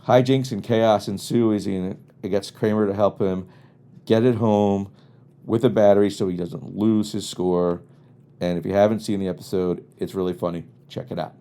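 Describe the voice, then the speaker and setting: A man with a fairly low, mellow voice hosts his own podcast alone. He grew up on the US East Coast and tells rambling, wry stories with mock exasperation. The delivery stays casual and loose. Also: steady tone, normal speed, clean tone. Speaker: podcast host. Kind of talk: casual comedic monologue. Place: home studio in Los Angeles.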